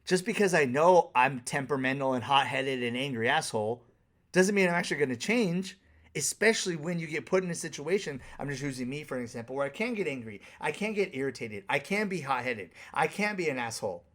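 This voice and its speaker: A man's voice: medium pitch, animated, brisk, fairly bright tone. A man who works as a life coach, giving a candid, profane, conversational solo monologue on a podcast.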